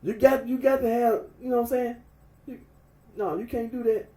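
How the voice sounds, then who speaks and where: Man, very high voice, mellow tone, repetitive scolding rant, distant from the mic. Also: fairly even intonation, normal speed. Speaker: vlogger. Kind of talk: ranting monologue. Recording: echoey room, far from mic.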